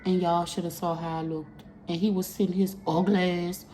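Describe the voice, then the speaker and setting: A young woman vlogger, telling a personal story in a casual storytime video, animated and jumping into loud high bursts when upset. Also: normal speed, slight background noise.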